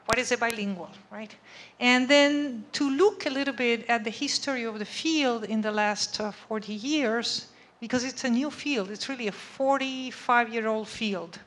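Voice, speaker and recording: Her academic lecture moves at normal speed with hardly any pauses, her voice on the high side and a bit bright. She talks conversationally in the lecture room, checking understanding with frequent "okay?" and "right?".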